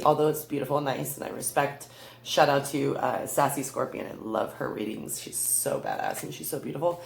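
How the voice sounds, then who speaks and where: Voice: mid-range voice, gravelly, slight background noise. Rambling, chatty tarot reader in an echoey room. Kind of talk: casual chat to camera. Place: room in their new home.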